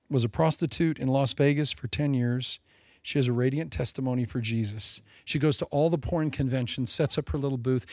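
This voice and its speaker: A man in his forties preaching a sermon, animated and joking, with self-mocking asides. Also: mid-range voice, dry recording, studio quality. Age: 40s. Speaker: pastor.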